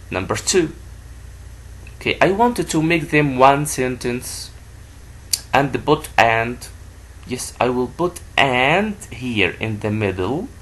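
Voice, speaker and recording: A man teaching a grammar lesson to children, who repeats words slowly for a pupil to say back. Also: medium pitch, a bit bright, slightly rough.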